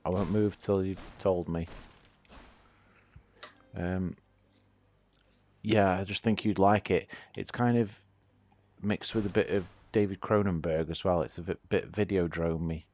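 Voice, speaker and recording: A man's voice: low-pitched, steady tone, measured pace, pauses often, a little mellow, muffled recording. A man chatting casually and laughing often while he plays a game on a livestream. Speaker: streamer playing the game. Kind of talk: casual gaming livestream chat.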